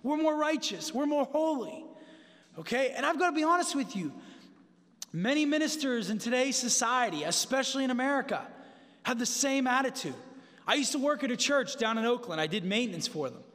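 High-voiced preacher in a reverberant hall. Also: male voice, expressive, a little fast, fairly bright tone. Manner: conversational, emphatic, with asides to the congregation. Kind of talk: sermon.

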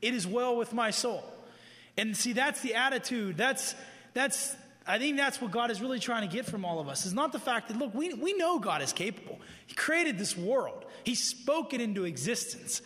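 A preacher with a high, bright, sing-song voice gives an earnest sermon at a normal speed, speaking plainly to the audience in the room and driving points home through repetition. A long hall reverb trails his words. He has heart disease and tires easily.

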